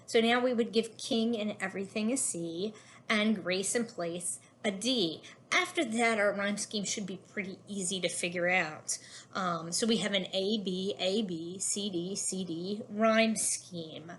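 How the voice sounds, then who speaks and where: Woman teacher explaining a poem, patient, middle pitch, bit of faint noise behind. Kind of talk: recorded classroom lesson.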